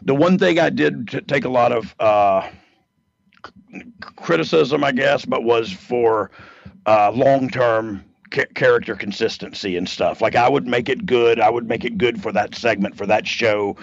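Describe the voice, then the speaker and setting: Gravelly, confident man chatting on a podcast. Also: mid-range voice, unhurried, dry recording, lo-fi sound. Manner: confident, rambling, laughs often. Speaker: podcast co-host, former wrestler and writer. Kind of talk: casual podcast chat.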